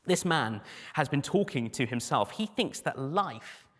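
Animated preacher in a reverberant church. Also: male voice, medium pitch, unhurried. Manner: animated preaching with dry humor and acted quotes. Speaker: pastor. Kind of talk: sermon.

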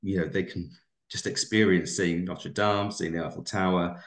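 A man's voice: low voice, steady tone, normal speed, reverberant. A man, a teacher and podcast co-host, talking in a reflective, rambling way with many fillers. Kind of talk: casual podcast chat.

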